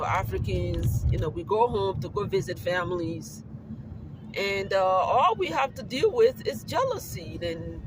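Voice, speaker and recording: High-voiced Liberian man vlogging from his car. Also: noisy background. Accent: Liberian English mixed with American. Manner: earnest, rambling, full of "you know" fillers. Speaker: YouTube vlogger. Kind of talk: casual vlog talk while driving. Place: in a car on a windy, sunny summer day.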